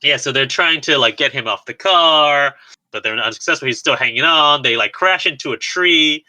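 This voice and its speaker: Guy on a podcast rambling through a movie plot, really bright tone, laughs a lot. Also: on the high side, moderate pace, low-quality recording. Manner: rambling, laughs often, lots of "like" and restarts. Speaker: podcast co-host. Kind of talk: casual chat recapping a film.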